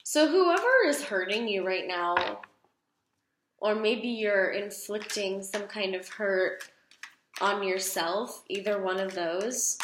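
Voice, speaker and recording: Chatty young woman reading tarot, slow and roomy. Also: mid-range voice, background noise. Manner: chatty, emphatic, gushing, with casual swearing. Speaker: tarot card reader. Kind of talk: casual tarot reading video. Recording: echoey room.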